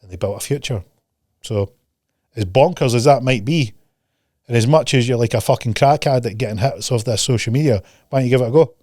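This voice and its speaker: A man's voice: mid-range voice, fast, darkish tone, no room sound, clean studio sound. A man hosting a podcast in a casual chat, ranting bluntly and profanely and mocking people with put-on voices. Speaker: podcast host.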